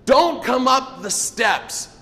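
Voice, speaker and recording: A man's voice: extremely high pitch, expressive, takes it slowly, fairly bright tone, long reverb tail, voice pushed up, heavily acted. A man voicing a stern missionary woman calling out. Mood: insistent. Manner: raised, insistent calling. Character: stern female missionary teacher scolding a child.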